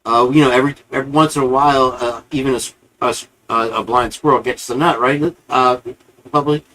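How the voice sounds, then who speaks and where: A man's voice: mid-range voice, fairly even intonation, brisk, sharp tone, low-quality recording. A man hosting a live-stream show, telling a long rambling story in a casual, profane, chatty way.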